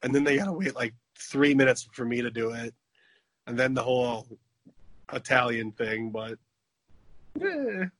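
A man's voice: mid-range voice, very animated, unhurried, long pauses, fairly bright tone, dry recording. Thirties male co-host, jokey, drifts into silly voices, dry sound. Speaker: podcast co-host. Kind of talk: casual chat.

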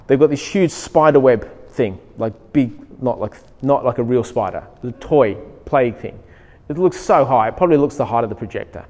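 A pastor preaches a sermon in a mid-range voice with a dark tone, lively intonation and normal speed. He tells stories with emphatic rising lines, even acting out a child's voice. The church hall gives it a long reverb.

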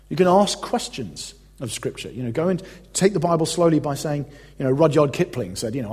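Mellow husky preacher. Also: male voice, a little high, very animated, brisk. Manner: conversational, emphatic, reads quotes aloud. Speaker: pastor. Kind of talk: teaching sermon.

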